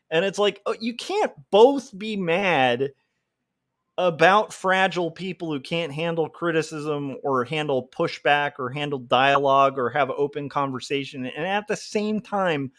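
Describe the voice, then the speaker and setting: A man's voice: on the high side, a little slow, a bit bright. A man ranting on a casual livestream, heated and rambling, with many filler words. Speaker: comic artist livestreamer.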